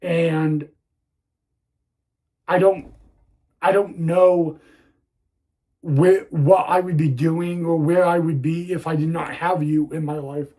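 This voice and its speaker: Young man, emotional vlog storytime, slow and halting, slightly high voice, near tears. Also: steady tone, dark tone. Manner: halting, repeats words, emotional. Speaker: YouTuber.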